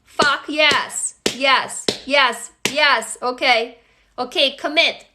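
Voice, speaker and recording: A woman's voice: high voice, very slow, noisy background. A woman hosting a motivational livestream, talking bluntly and emphatically to her viewers, swearing freely and urging them to commit. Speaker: livestream host.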